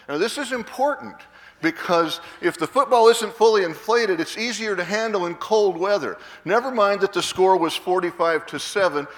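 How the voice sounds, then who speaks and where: A man's voice: high-pitched, fairly bright tone, in a large hall. A man in his sixties, a pastor preaching a sermon, emphatic, with frequent restarts and repeated words, asking his congregation questions. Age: 60s. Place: church sanctuary.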